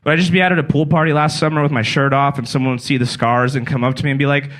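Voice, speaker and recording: A man in his twenties from California performing a stand-up comedy set, telling stories in a deadpan way and acting out quotes. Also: mid-range voice, rapid-fire. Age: 20s. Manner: deadpan storytelling with acted-out quotes. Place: small comedy venue with a live audience.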